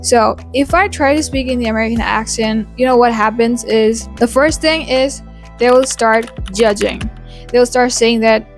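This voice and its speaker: A woman's voice: on the high side, moderate pace, soft background music. A woman from India chatting casually in a vlog, explaining accent practice with "you know" asides and tag questions. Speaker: YouTuber teaching accents.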